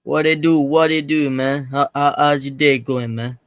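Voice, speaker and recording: A man from Afghanistan with a British accent, calling into a livestream, halting and repeating his words. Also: mid-range voice, flat delivery, smooth, no echo. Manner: halting, repeats words, says brother often. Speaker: caller. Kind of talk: casual livestream chat.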